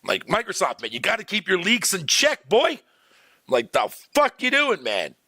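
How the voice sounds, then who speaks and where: A man's voice: sits high, huge pitch swings, moderate pace, sharp tone, no room sound. A man streaming live, ranting profanely to his chat in a casual, exasperated way. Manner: talks to chat viewers by name.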